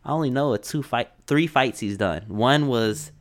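A man's voice: medium pitch, moderate pace. A man co-hosting a casual chat, talking bluntly in slang, cursing and laughing often. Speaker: podcast co-host.

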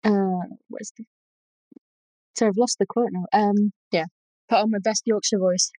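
A woman's voice: mid-range voice, fairly even intonation, measured pace, mellow, dry recording, poor audio. A woman with a Lancashire accent explaining food history in a casual chat, thoughtful and full of ums. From Lancashire, England.

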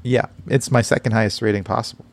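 A man's voice: on the low side, steady tone, quick pace, vocal fry. A man co-hosting a casual podcast, joking and laughing often. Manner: playful, jokey, laughs often. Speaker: podcast co-host. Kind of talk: casual chat.

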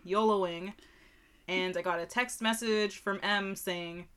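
A woman co-hosting a casual chat, chiming in with quick, wry remarks and some swearing. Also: medium pitch, a bit bright. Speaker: co-host.

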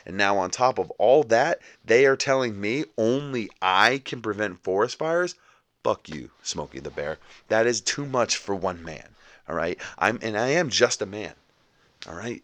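A man's voice: deep voice, fairly bright tone, no echo. A young man hosting a podcast, ranting in mock outrage about small annoyances. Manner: exasperated, mock-indignant ranting. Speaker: podcast host. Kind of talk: comic solo rant.

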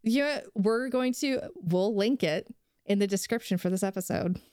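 A young woman vents on a casual podcast, heated and quick to swear. Her voice is smooth and clear. It sits close and dry, with no room sound. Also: medium pitch, a little mellow, dry recording. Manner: heated, ranting, swears freely. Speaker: podcast co-host.

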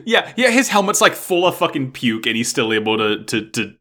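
Male co-host, casual recap chat, lively and bright-toned, swears a lot. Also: medium pitch, a little fast. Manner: animated retelling with swearing and acted quotes. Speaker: podcast co-host.

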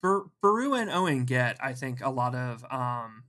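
Bright-toned host, excitable and gushing, casual chat. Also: mid-range voice, normal speed. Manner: enthusiastic, gushing.

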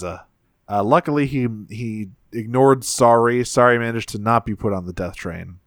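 A male podcast co-host recaps an episode in loose, profanity-laced chat and slips into quotes as he goes. His voice is mid-pitched and sits in a dry, close recording with no room sound. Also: moderate pace, no room sound. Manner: profane, rambling, acts out quotes.

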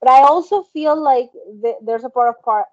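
A woman's voice: sits high, normal speed, no room sound. A woman co-hosting a podcast over a remote call, talking things through thoughtfully in casual chat. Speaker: podcast co-host. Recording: dull dry lo-fi call audio.

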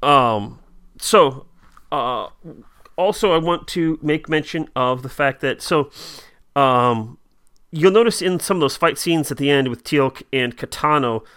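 A man's voice: a little high, unhurried, a bit bright, smooth, no echo, studio quality. A man co-hosting a casual talk show, chatting with many fillers and hesitations. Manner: hesitant, many fillers, reads quotes aloud. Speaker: podcast co-host. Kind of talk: casual chat about a TV episode.

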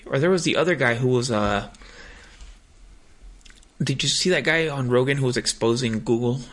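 A man's voice: medium pitch, normal speed. A man in casual chat, rambling through stories with lots of slang and profanity.

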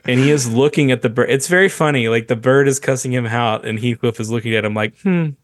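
A man's voice: mid-range voice, no echo. Podcast guy rambling along, lots of like and um, laughs a bunch, dry close mic. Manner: rambling, halting, laughs often. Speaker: podcast co-host. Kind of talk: casual comedy podcast chat.

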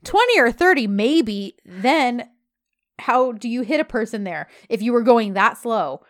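A woman's voice: on the high side, expressive, a little slow, no echo, clean studio sound. A woman doing a sarcastic, jealous young man. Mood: indignant. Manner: mocking, indignant retorts.

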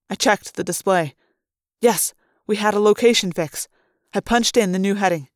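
Female audiobook reader, steady, mid-pitched, dry close recording. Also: moderate pace, no room sound. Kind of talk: reading a novel aloud.

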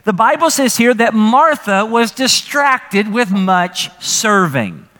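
A man preaching a sermon as pastor, animated and humorous, with frequent rhetorical questions to the congregation. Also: high-pitched, slow.

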